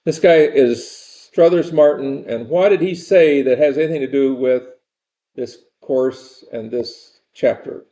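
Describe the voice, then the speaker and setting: A man's voice: medium pitch, measured pace, mellow. An older man giving a rambling, conversational university lecture and repeating his phrases.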